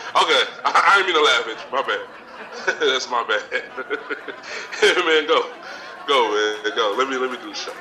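A man's voice: mid-range voice, animated, a little slow, pauses often, bright, forceful tone, distant mic. A man playing a brash, profane talk-show persona who boasts, threatens and laughs between his lines. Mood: cocky. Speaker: podcast segment host in character.

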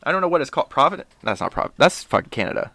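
Young man, casual co-host, animated and profane, dry sound. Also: a little high, rapid-fire, vocal fry, no room sound. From Ohio, US. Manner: profane, rambling, laughs often. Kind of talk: casual chat.

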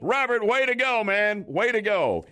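A man's voice: high-pitched, measured pace. A male morning radio host running a call-in quiz game with jokey banter. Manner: jokey, lively delivery.

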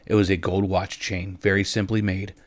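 A man narrating a story aloud in a gentle way, at times speaking directly to his listeners. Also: low voice, little pitch movement, normal speed, dry recording. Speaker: reader.

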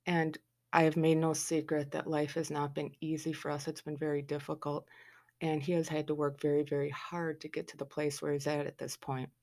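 A woman tells a family story in casual chat. She is animated, acting out quoted lines and dropping sarcastic asides. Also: low-pitched, a little fast. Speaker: mother telling a family story.

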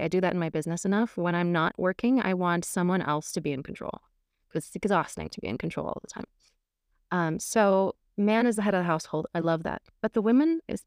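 A woman's voice: lowish voice, darkish tone, clean tone, no room sound, clean studio sound. A woman relationship coach talking frankly and candidly on a podcast, laughing often as she speaks.

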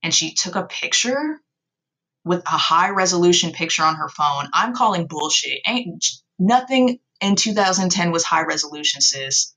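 A woman's voice: lowish voice, expressive, moderate pace, bright, forceful tone, rough recording. A young adult woman hosting a video, recapping a story in casual commentary with sarcastic, swear-filled, exasperated asides.

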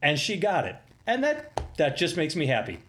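A man's voice: a little high, huge pitch swings, moderate pace, fairly bright tone, a little hiss or hum. A man co-hosting a podcast, telling news stories in a loose, joking way and laughing often. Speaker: podcast co-host. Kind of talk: casual podcast chat.

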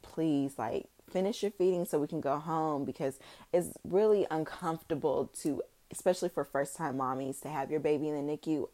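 A woman's voice: very deep voice, gravelly, warm tone. A woman vlogging casually to her viewers as a new mother, heartfelt and rambling, with many fillers. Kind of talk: casual personal vlog talk to viewers.

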